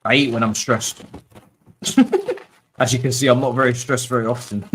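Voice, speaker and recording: A young man hosting a live football watchalong, reacting to the match as an excitable, frustrated fan who rants and swears. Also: mid-range voice, fast talker, slight background noise.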